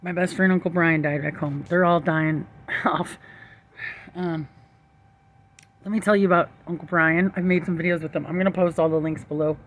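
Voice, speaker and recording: A woman's voice: fairly low pitch, fairly even intonation, moderate pace, long pauses, narrow, tinny audio. A young woman telling a rambling, profane story to her camera, laughing often. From St. Louis area. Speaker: vlogger.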